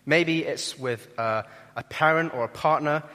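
Earnest young preacher in a reverberant hall. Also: male voice, a little high, measured pace. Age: young adult. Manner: earnest, emphatic, rises and drops in loudness. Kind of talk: sermon.

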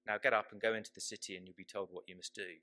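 A man voicing Jesus speaking from heaven, reading the quoted words in a low, quiet, measured way. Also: level tone, no echo. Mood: solemn.

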